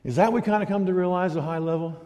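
A man preaching a sermon as pastor, animated, swinging from loud emphasis to quiet asides. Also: high voice, very fast. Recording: long hall reverb.

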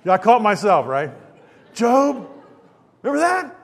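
A man preaching a storytelling sermon, dropping to hushed asides and then building to loud, emphatic lines. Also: high-pitched, very animated, a little slow. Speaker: pastor. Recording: long reverb of a large hall.

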